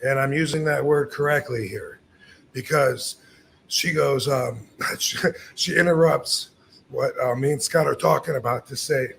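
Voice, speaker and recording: A man's voice: medium pitch, measured pace, gravelly, a bit bright, slight background noise. A man in his fifties, from the United States, casually telling a story as a podcast host, acting out quoted lines and swearing freely.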